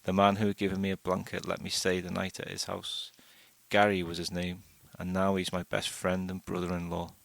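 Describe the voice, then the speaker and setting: A man reading a first-person short story aloud in a steady, unhurried way. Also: low-pitched, vocal fry, no echo. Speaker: audiobook narrator.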